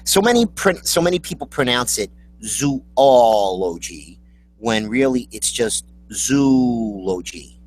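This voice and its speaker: A man's voice: mid-range voice, sing-song, a little fast, hardly any pauses, a bit bright, low-quality recording. A man co-hosting a casual podcast, joking around and riffing on words. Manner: jokey, puts on mock mourner voices. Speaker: co-host.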